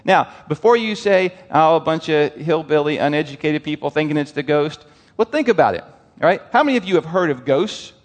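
A man preaching a sermon in an animated way, asking the congregation questions. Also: on the high side, brisk, in a large hall. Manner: animated, asks the crowd questions, lively quoted voices.

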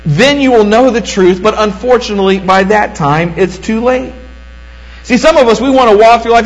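A middle-aged man preaching a sermon as pastor, earnest, slowing down for emphasis and repeating words as he starts sentences. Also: sits high, lo-fi sound. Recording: mains hum underneath.

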